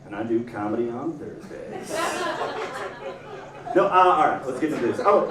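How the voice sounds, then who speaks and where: A young man performs stand-up on a club stage, his voice sitting a bit high and swinging wide as he acts out characters and yells punchlines. He's picked up from a distance in a roomy space, with a crowd laughing loudly behind him. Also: huge pitch swings, a little slow. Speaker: stand-up comedian. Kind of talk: stand-up comedy set. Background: audience laughter.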